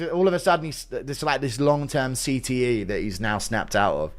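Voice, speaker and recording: A man's voice: mid-range voice, moderate pace, hardly any pauses. A man hosting a livestream, chatting casually, swearing and laughing as he reads out viewer donations. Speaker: livestream host. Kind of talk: casual commentary chat.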